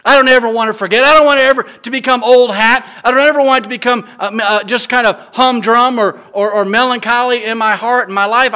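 A man's voice: high-pitched, bright, forceful tone. A middle-aged man preaching an earnest sermon as pastor, with frequent stammering restarts and emphatic rises.

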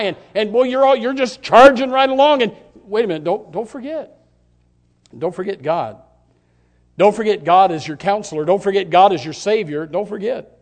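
A man with a very high voice preaches a sermon in a church. He talks conversationally, then swells into impassioned shouts on key words. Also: animated, moderate pace. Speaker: pastor.

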